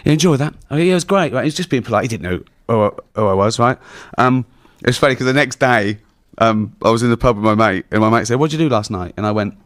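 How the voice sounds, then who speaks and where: A man's voice: medium pitch, expressive, fast talker, few pauses, a bit bright, dry recording. A middle-aged English man spins loose, rambling anecdotes, stopping and restarting and breaking into laughter at his own jokes. His voice sits in an ordinary middle register and sounds close and dry, with little room around it. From England. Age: 40s. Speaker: comedian guest. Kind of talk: casual anecdotal interview talk.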